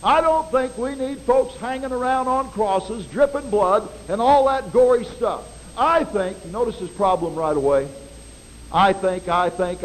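High-voiced folksy male preacher. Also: a little hiss or hum, poor audio. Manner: folksy, animated preaching with dramatic voice swings. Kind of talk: sermon.

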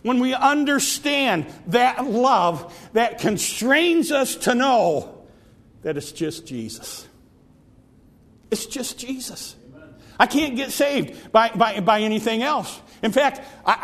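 A man preaching a sermon, repeating and stretching key phrases, sometimes sinking to a hush and sometimes rising to a cry. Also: very high voice, lively intonation. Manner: drawn-out emphatic phrases, dropping to near whispers; repeats phrases and stumbles on restarts.

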